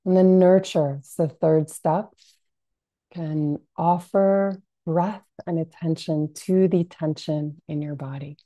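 A woman practitioner leading a gentle guided self-soothing lesson, speaking softly and calmly with frequent fillers. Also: deep voice, dry recording. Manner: soft, unhurried, calming delivery with frequent fillers. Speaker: compassionate inquiry practitioner.

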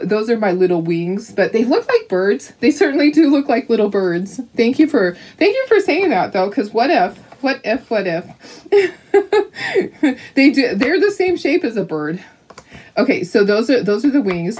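A woman's voice: mid-range voice, a little mellow. An older woman from Canada chatting casually with viewers while she paints craft kits, laughing often and restarting her sentences. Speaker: craft livestream host.

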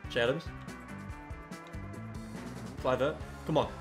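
A young man commentating his own football video game, swinging from low muttering to loud yelling. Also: steady tone, slow pace, faint music behind. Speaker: gaming YouTuber. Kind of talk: live gameplay commentary.

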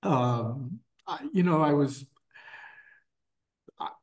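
A man's voice: a little high, expressive, extremely slow, a little mellow. A middle-aged man speaking as a guest in a casual interview, rambling with many restarts and fillers. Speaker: guest, designer and art professor. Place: his art gallery.

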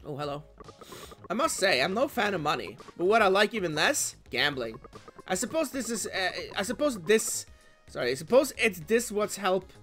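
A fussy, wealthy old man speaks stiffly and with open disapproval, as a man puts him on. The voice drops lower than the reader's own, over faint game music. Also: very animated, moderate pace, a bit bright. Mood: prim.

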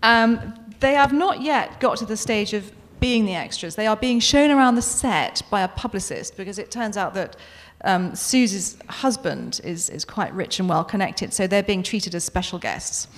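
A woman's voice: mid-range voice, lively intonation, moderate pace, hardly any pauses. A British woman author in her forties, chatting in a self-deprecating way at a book event and reading from her novel.

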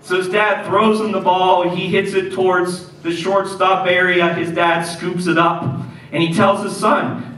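High-voiced pastor preaching in an echoey hall. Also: male voice, measured pace. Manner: animated storytelling, repeats lines for emphasis. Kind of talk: sermon. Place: church sanctuary. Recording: echoey church hall, mic at a distance.

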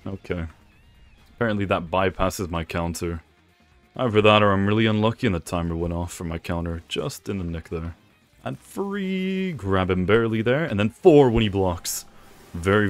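Young male gaming creator, lowish voice, joking commentary over faint music. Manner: playful, teasing the opponent with mock complaints. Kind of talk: live gameplay commentary.

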